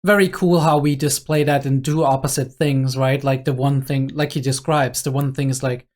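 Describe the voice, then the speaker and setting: A man's voice: mid-range voice, steady tone, normal speed, darkish tone. A young man hosting a reaction video, talking casually and rambling with lots of fillers and chuckles. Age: young adult.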